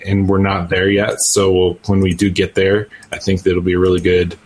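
Lower-voiced man on a remote call. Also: monotone, brisk, a little mellow, a little hiss or hum, rough recording. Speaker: podcast guest, youth minister. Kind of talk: casual remote podcast chat. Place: home.

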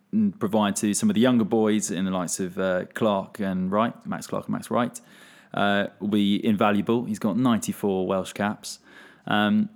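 A young man with a low voice co-hosts a casual podcast. He builds his points in a measured way, with plenty of ums and uhs along the way. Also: darkish tone. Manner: measured, filler-heavy, analytical. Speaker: podcast co-host.

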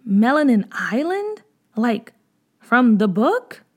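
A wide-eyed young girl, timid and questioning, with a voice pitched high and light, as a woman puts her on. She sounds lost and cautious, reaching for answers in a strange place. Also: very animated, slow pace, a little mellow, heavily acted. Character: curious young girl lost in magical land.

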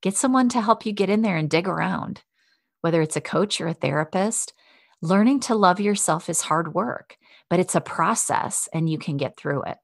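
A woman with a lowish voice talks straight to the listener as a self-help host. She sounds encouraging and kind. The recording is dry and close, with no room sound. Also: animated, moderate pace, gravelly, no room sound. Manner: warm, encouraging, speaks to the listener directly. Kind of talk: self-help podcast talk.

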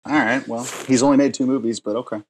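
A man co-hosting a podcast, laughing a lot and joking in an animated, playful way. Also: mid-range voice, quick pace, a little hiss or hum. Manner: giggly, animated, big laughs. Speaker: podcast co-host. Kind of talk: casual podcast banter.

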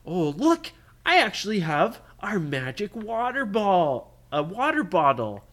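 Cast: storyteller as a brash young boy, loud and commanding. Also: medium pitch, very animated, unhurried, voice pushed up. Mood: caring.

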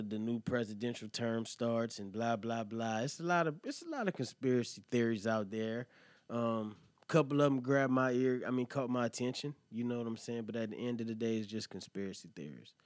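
A man's voice: fairly low pitch, darkish tone, no room sound. A man hosting a podcast in casual, profane, rambling chat. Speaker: podcast host.

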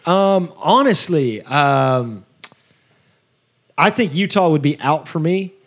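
A man's voice: a little high, lively intonation, slow pace. A man co-hosting a casual sports podcast, rambling and laughing as he talks. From Chicago area. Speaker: podcast co-host.

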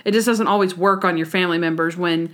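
A woman's voice: fairly low pitch, fairly even intonation, fast, fairly bright tone. A woman co-hosting a podcast, recapping a TV episode in casual chat and acting out scenes with quoted voices and sound effects. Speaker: podcast co-host.

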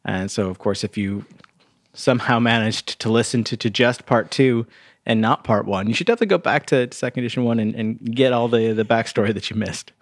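Um homem co-apresentando um podcast em conversa casual, falando de forma solta e com hesitações. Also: male voice, medium pitch, a little fast, no room sound, studio quality. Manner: relaxed, conversational, with filler words. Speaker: podcast co-host.

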